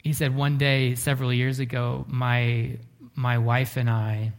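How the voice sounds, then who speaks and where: A man preaching a sermon, telling a story earnestly, slowing down and dropping to a hush for emphasis. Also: mid-range voice, little pitch movement. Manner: earnest, often slows down and drops to a hush for emphasis. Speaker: pastor.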